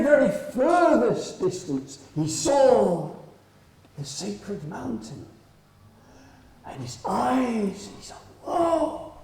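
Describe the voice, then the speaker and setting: A man's voice: sits high, mellow. A man telling a traditional story live at a festival, dramatic and swooping, drawing out his words. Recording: roomy live hall with faint noise.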